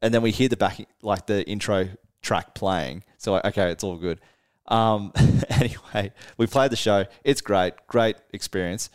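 Laughing man with a low voice. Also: normal speed, clean tone. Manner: animated, laughs often mid-story, swears casually. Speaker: touring musician, podcast co-host. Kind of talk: casual storytelling chat.

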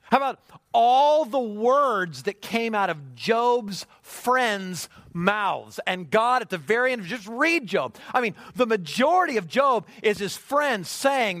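A man preaching a sermon, animated and conversational, with many rhetorical questions. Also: high-pitched, a little slow, no echo, studio quality. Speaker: pastor.

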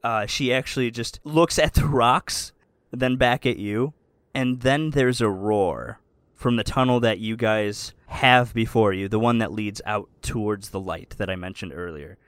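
A man's voice: fairly low pitch, measured pace, clear, resonant tone, dry recording. A man narrating a tabletop game as game master, describing scenes steadily.

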